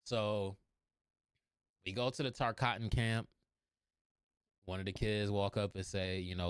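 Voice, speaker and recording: Male movie reviewer, animated and casual, clear smooth voice, dry close mic. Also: lowish voice, unhurried, pauses often, dry recording. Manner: animated, laughing often, swearing. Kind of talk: casual scene-by-scene movie recap.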